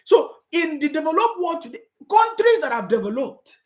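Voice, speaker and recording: A woman's voice: high-pitched, sing-song, normal speed. A woman with a Nigerian accent giving emphatic political commentary in a vlog, repeating her points and slipping into pidgin. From South South Nigeria. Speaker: political vlogger.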